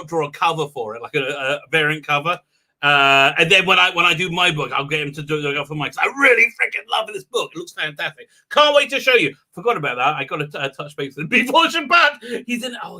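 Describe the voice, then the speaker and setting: A man hosting a casual livestream, chatting with viewers in a rambling, excitable way and laughing often. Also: fairly high pitch. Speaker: livestream host; rabbi. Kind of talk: casual live-stream chat reading viewer comments.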